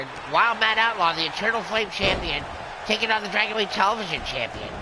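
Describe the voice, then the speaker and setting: A man's voice: fairly high pitch, background noise. A man calling a wrestling game as a rambling, jokey streamer who plays a drunken clown persona. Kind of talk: excitable play-by-play game commentary.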